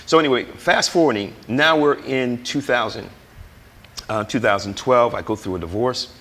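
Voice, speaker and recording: A man's voice: mid-range voice, normal speed, a bit bright, in a large hall. A man, a guest, telling his recovery testimony in an emphatic, preacher-like way and acting out the dialogue he quotes. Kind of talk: personal testimony in conversation.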